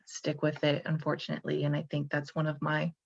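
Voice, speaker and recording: A woman's voice: low voice, completely flat delivery, brisk, gravelly, highs cut off. A young woman, a social work student, earnestly asking interview questions with a few hesitations.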